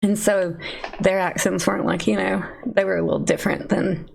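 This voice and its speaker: Sitting at her computer, a livestreamer from Eastern Kentucky, USA, talks casually to her live chat in that region's accent, rambling and poking fun at herself. She speaks briskly in a mid-range voice with fairly even intonation, vocal fry and a breathy edge.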